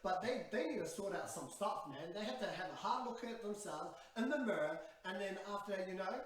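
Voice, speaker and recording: A man's voice: high-pitched, expressive, a little fast, very echoey, recorded from a distance, a little hiss or hum, rough recording. A man ranting casually on a sports podcast, exasperated. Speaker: podcast panelist.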